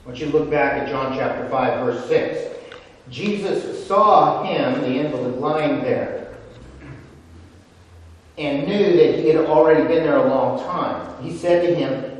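A man's voice: fairly high pitch, unhurried. A man preaching a sermon, retelling scripture and film scenes. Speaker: pastor. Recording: echoey hall from far off.

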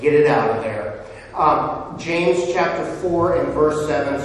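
A male pastor preaches slowly and deliberately, in a slightly high voice. His emphatic points ring out from a distance through a large hall with long reverb. A faint hum of room sound sits beneath him. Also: lively intonation. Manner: measured, emphatic preaching with rhetorical questions. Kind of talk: sermon. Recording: echoey hall, distant mic.

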